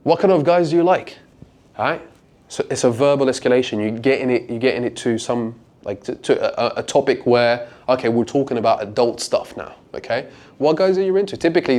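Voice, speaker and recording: A man's voice: steady tone, a little fast, darkish tone. A young man, a dating coach, giving a casual, profane seminar talk to a small group and acting out lines in a raised voice. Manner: casual, profane, acts out lines with pitch jumps.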